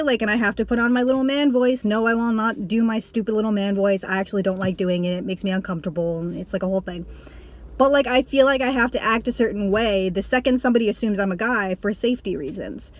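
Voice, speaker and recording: A woman's voice: a little high, brisk, no room sound. Rambling woman vlogger, dry sound. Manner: rambling, heavy use of "like", acts out others in a raised voice. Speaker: YouTuber. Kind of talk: casual vlog talk to camera.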